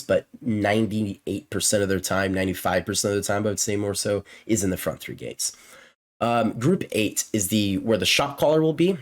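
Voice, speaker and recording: Low male voice, casual game strategy walkthrough, loose and rambling with lots of ums. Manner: rambling, many fillers and self-corrections. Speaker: game guide creator and shot caller.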